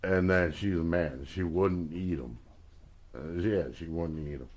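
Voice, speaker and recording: A man's voice: low-pitched, measured pace. A drunk man rambling crudely in casual chat on a livestream, swearing often.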